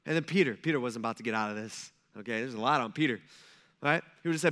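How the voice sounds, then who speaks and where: A man, preaching an animated, conversational sermon as a pastor. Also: mid-range voice, fast talker.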